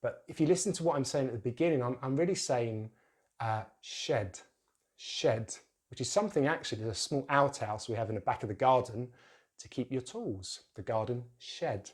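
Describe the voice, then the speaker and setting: British male pronunciation teacher, careful exaggerated drills. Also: medium pitch. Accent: British English. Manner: slow, exaggerated word drills. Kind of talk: pronunciation lesson.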